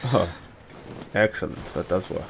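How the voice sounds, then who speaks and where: A man doing jokey, excitable let's play commentary, yelping and swearing when startled. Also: low-pitched, measured pace, vocal fry, noisy background. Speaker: gaming channel host.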